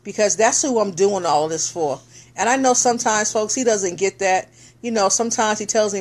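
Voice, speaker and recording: A middle-aged woman speaking at an ordinary mid-range pitch, live-streaming to her viewers. She talks in an excited, animated way, giving fired-up encouragement. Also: moderate pace.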